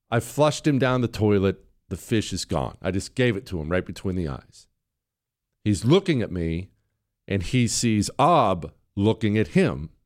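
A man hosting a talk show, telling a story in a punchy, animated way. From United States. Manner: animated, wide swings in pitch, punchy delivery. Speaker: radio talk show host. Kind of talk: casual storytelling monologue.

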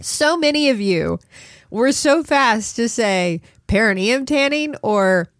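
A woman's voice: fairly high pitch, expressive, takes it slowly, no echo, studio quality. A woman with a stuffy, nasal voice from a cold, co-hosting a casual podcast with a wry, slightly exasperated manner. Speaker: podcast co-host. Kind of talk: casual chat.

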